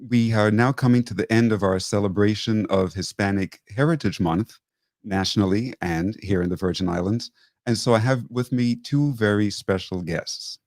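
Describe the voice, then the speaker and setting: Low-voiced male TV host, dry sound. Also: moderate pace, dry recording. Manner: warm, repetitive phrasing with many restarts. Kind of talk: television interview.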